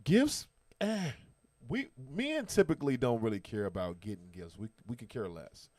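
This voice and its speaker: A man with a somewhat low voice hosts a casual talk, speaking with emphatic, animated slang. The sound is dry and close, with no room echo. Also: a little fast. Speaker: podcast host. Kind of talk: casual chat.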